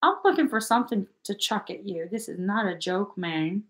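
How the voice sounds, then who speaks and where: A woman's voice: medium pitch, lively intonation, normal speed. A woman on a casual livestream, giving blunt, frank readings and swearing freely as she talks.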